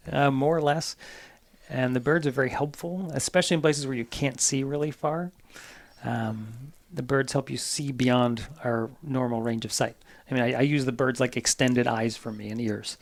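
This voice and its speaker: A man from New Jersey talks as a podcast guest, eager and rambling, often restarting his sentences as he tells stories. His voice has a gravelly, creaky edge. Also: medium pitch. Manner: rambling, enthusiastic storytelling with many restarts. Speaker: guest, nature mentor and bird language teacher. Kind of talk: casual conversation.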